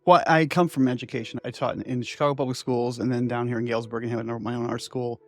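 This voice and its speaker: A man in his sixties, an inventor, tells his story fast in a mid-range, level voice, with faint music behind. His interview chat is loose and digressive, full of "like" and "right?" asides, a rambling conversational storytelling style.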